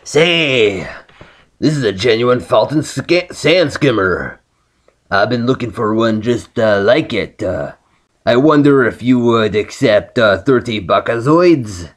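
Guy doing a slow hesitant alien with a canadian twang, trying to haggle. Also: medium pitch, expressive. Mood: bargaining.

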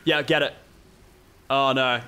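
A young man with an Australian accent chatting excitedly with a friend while gaming, at times breaking into shouts. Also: mid-range voice, takes it slowly, noisy background. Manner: excitable, counts down, bursts into shouts. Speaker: gamer. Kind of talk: casual gaming chat.

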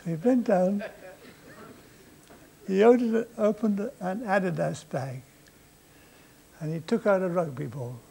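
Speaking high and at a measured pace, this older comedian has a gravelly, dark-toned voice broken by long pauses. He drawls out dry comic anecdotes to a live audience on stage.

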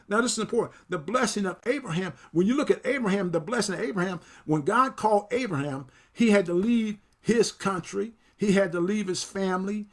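Pastor guy preaching, high voice, keeps throwing in amen and glory to god. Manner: preaching with frequent amens and praise interjections; excitable, picks up speed then slows for scripture. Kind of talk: sermon.

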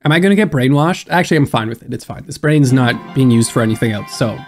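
A young man with a congested, stuffed-up nose talks through a music reaction. He muses aloud and gets excitable, in an everyday mid-range voice. Faint music sits behind him. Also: mid-range voice, fast talker. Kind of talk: casual reaction commentary.

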